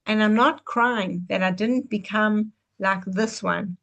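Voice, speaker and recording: A woman's voice: mid-range voice, slow pace, fairly bright tone, dull audio. Humble dying old rabbi, voiced by a female storyteller. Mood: wistful.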